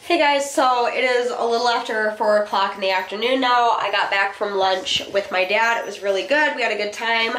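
Young woman vlogging w a head cold, stuffy nasal voice, bubbly and chatty, swears a lot, pitched a bit high. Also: a little fast, few pauses, a bit bright. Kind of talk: casual vlog talk to camera.

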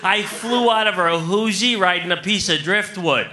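High-voiced man doing stand-up. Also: normal speed, very noisy. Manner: punchy joke delivery, addressing the crowd as folks. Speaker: stand-up comedian. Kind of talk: stand-up comedy set. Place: comedy club stage.

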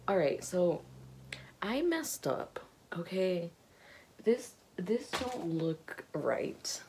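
A woman's voice: fairly low pitch, sing-song, very slow, darkish tone, slight background noise. A young woman vlogging from her bedroom, talking nervously and giggling between gasping exclamations. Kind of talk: casual vlog chat. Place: bedroom at home.

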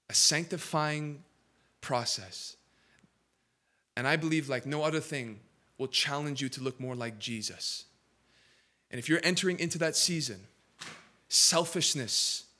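Bright-voiced impassioned male pastor. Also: medium pitch. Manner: impassioned, swings between hushed and loud emphatic build-ups. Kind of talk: sermon. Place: church sanctuary.

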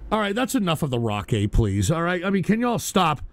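A man hosts a live stream show in a high, gravelly voice that swings widely in pitch. He rants and swears in exasperation at his chat, flustered as he loses his place. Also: sing-song, brisk. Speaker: livestream radio show host. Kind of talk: profane live stream rant.

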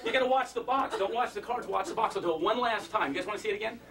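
High-voiced man doing comic magic patter. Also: racing, gravelly. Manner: joking, chatty, self-mocking asides to the audience. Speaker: stage magician. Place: stage before a live audience. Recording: distant mic, loud crowd and noise. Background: loud audience noise.

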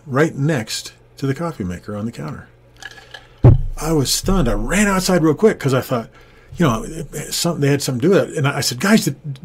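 An older man, a Christian minister, telling a personal testimony in an earnest, animated way and acting out the people he quotes, recorded in a home studio on a desktop microphone. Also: medium pitch, slight background noise. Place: home studio with green screen. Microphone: desktop USB studio microphone.

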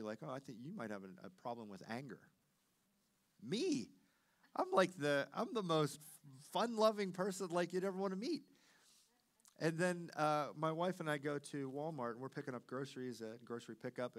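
Delivering a sermon, this mid-range-voiced middle-aged pastor brings his stories to life, his volume rising loud and then dropping to a hush.

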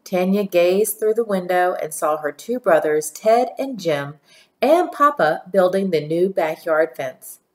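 A woman reading a children's storybook aloud in a gentle, steady storytelling manner. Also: fairly low pitch, measured pace. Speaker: narrator.

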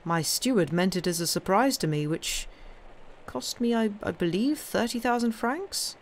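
Woman reading as a smooth scheming count. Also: mid-range voice, lively intonation, normal speed, a little hiss or hum, voice pushed up, natural voice. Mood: polite. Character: cool, scheming nobleman count.

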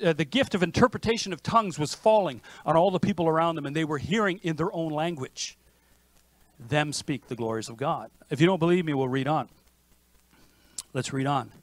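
A man preaching a sermon as pastor, in a lively conversational manner with frequent restarts. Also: high voice, no echo. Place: church sanctuary.

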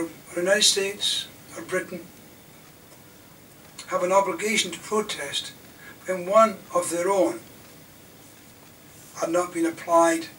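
In an impassioned public lecture taped from the back of a hall, an older Scottish male defence lawyer speaks with indignant rhetoric and raised pitch. He alternates between loud emphasis and near-whispers, heard on a distant mic with faint room noise.

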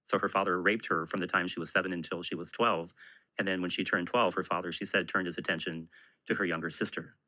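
A man who is a Catholic priest, telling a story in a measured way during a podcast interview. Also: deep voice, steady tone, sharp tone, low-quality recording. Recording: played from a podcast clip.

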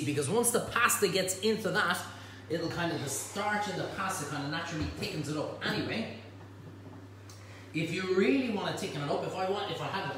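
Chatty cooking host in an echoey kitchen. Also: male voice, a little high, a bit bright, recorded from a distance, a little hiss or hum. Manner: chatty, jokey, talks to helpers while cooking. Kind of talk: casual cooking demonstration. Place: home kitchen.

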